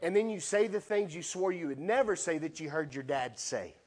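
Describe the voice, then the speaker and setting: High-voiced animated male pastor preaching. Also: moderate pace. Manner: animated preaching with playful acted asides. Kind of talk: sermon.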